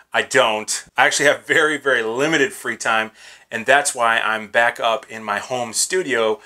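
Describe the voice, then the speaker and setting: A man in his thirties chats through viewer questions from a small home studio, upbeat and easygoing. His voice is bright and forward at a middling pitch. He leans on casual fillers as he rambles. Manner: upbeat, chatty, filler words like "kinda" and "uh". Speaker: YouTube channel host. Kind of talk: casual Q&A vlog. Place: small home studio with gear bins behind.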